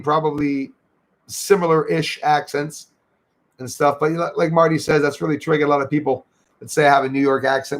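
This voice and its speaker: A Canadian man hosts a casual livestream, chatting loosely and reading viewers' comments while thanking them by name. His voice is fairly high and creaky.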